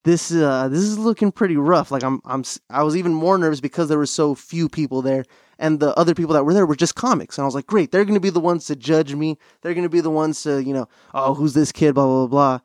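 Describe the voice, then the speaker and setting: A man's voice: a little high, fast, no echo, studio quality. A young man hosting a podcast, telling stories in casual chat with lots of fillers and restarts. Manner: animated storytelling, full of fillers and restarts. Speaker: podcast host.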